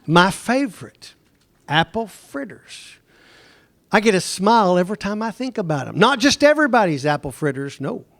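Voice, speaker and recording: A man's voice: high-pitched, very animated, normal speed, creaky, a bit bright. A middle-aged man teaching a Bible lesson in a conversational, digressive way, often putting questions to his class.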